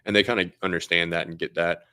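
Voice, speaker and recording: A man with a very low voice talks through a shooting drill in a relaxed, conversational way, padding his explanations with fillers. The sound is dry and close, with no room echo. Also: quick pace, clear, resonant tone. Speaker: firearms instructor. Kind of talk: casual explanatory chat.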